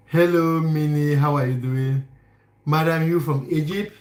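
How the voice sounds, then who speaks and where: A fairly high-voiced young man from Cameroon chats on a live stream, teasing viewers by name as he reads their comments. He talks in a casual, playful way. His voice rings around a reverberant home kitchen. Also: fairly even intonation, measured pace. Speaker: livestream host. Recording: echoey kitchen room.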